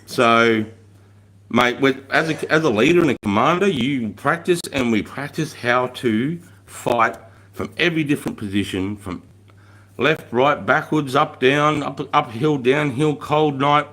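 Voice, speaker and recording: A man's voice: medium pitch, a little slow, fairly bright tone. Blunt, swearing Australian man. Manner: blunt, heavy swearing, repeats and restarts words; reads out and answers viewer chat. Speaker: livestream host, army veteran. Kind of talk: casual live-stream chat.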